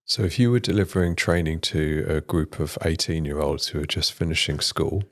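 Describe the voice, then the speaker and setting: A man's voice: extremely low pitch, moderate pace, no room sound, studio quality. A man hosting a podcast, prompting his guest with brief interjections and questions. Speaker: podcast host.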